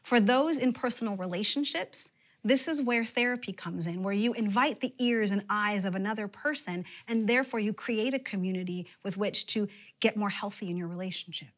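Expressive woman preaching a sermon. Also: medium pitch, fairly quick. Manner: expressive, drops to a near-whisper for emphasis. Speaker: pastor.

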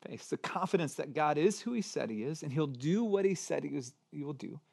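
Male pastor, 30s, casual conversational sermon with big loud-to-soft swings. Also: a little high, expressive, brisk, creaky. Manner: conversational preaching with wide swings from loud to hushed.

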